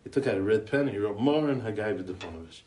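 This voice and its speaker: A man's voice: fairly low pitch, animated, fast, darkish tone. An American man giving a eulogy as a chatty string of anecdotes, in English full of Yiddish and Hebrew yeshiva terms. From United States. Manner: chatty, rambling, with restarts and chuckles. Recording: roomy, distant mic.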